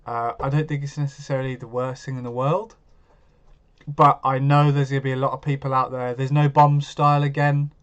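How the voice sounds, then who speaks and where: A man's voice: medium pitch, little pitch movement, brisk, fairly bright tone, clean tone, lo-fi sound. Chatty man hosting a live stream. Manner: chatty, reads and answers viewer comments. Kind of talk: casual live stream chat.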